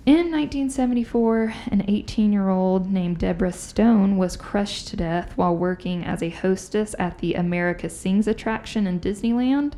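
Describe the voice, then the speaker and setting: A woman's voice: medium pitch, normal speed, few pauses. A woman hosting a podcast, telling ghost stories in a chatty, casual way. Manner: chatty, animated storyteller. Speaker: podcast host. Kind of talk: casual chat, storytelling.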